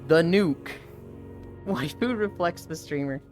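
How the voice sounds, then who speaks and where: A young woman streaming live and chatting casually, retelling an anime with lively, profane commentary and acted quotes. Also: fairly low pitch, takes it slowly, soft background music.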